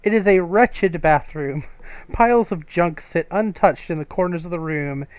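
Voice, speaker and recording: A man's voice: high voice, a little slow, clear, resonant tone, dry recording. Chatty man streaming a story game. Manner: chatty and amused, reading choices aloud with fillers. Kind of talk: live gameplay commentary and reading.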